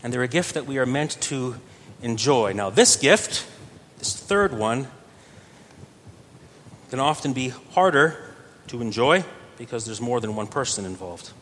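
Guy preaching a sermon, mid pitch, gets louder on the big points, long church echo. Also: animated, measured pace. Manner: earnest preaching, swelling louder on key phrases. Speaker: pastor. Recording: reverberant church hall with faint rumble.

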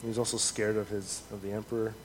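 A man preaching a sermon in an earnest, measured way, reading scripture aloud with rising emphasis. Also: lowish voice, little pitch movement. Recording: long hall reverb, faint noise.

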